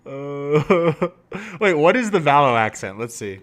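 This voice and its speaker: Animated young male streamer. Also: fairly high pitch, measured pace. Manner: animated, laughing, swearing, mocking impressions. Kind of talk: casual stream commentary.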